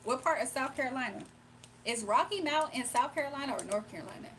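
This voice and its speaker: Woman streamer with a Southern accent, higher voice, chatty and giggly, faint hiss in the mix. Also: animated, fast, fairly bright tone, rough recording. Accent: Southern US, Virginia with Atlanta influence. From Virginia, USA. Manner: chatty, laughs often, reads chat aloud and answers. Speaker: livestreamer. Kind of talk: casual late-night live chat.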